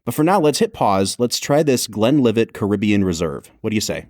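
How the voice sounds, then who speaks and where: A young adult man co-hosting a podcast in casual chat, talking in quick asides and laughing often. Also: lowish voice, very animated, a little mellow, no echo, studio quality. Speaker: podcast co-host.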